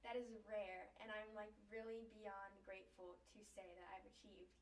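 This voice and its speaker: A woman's voice: mid-range voice, steady tone, normal speed. A young woman, an Olympic skateboarder, telling her story casually in an interview with lots of "like" fillers. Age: young adult. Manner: chatty, lots of "like" fillers, emotional. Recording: echoey room, distant mic, faint noise.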